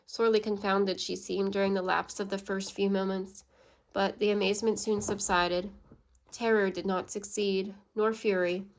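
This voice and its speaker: A woman reading a classic novel aloud in an even, measured way, giving the quoted lines only a light touch of voice. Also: mid-range voice. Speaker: audiobook reader.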